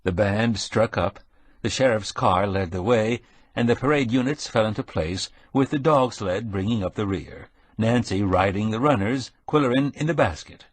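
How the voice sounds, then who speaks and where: A man narrating a mystery audiobook in a measured, steady storytelling manner. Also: on the low side, no room sound. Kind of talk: scripted narration.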